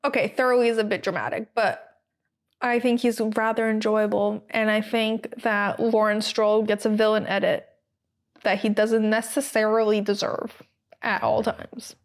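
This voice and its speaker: This solo recap chat comes from an American woman podcast host with a mid-range voice that shows little pitch movement, at normal speed. She's casual and chatty, sprinkling in lots of ums and likes along with wry asides.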